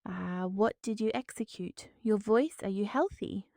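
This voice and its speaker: A woman's voice: medium pitch, a little slow, vocal fry, mellow, dry recording. A woman reading a desperate, pleading man. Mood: frantic. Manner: hysterical, pleading.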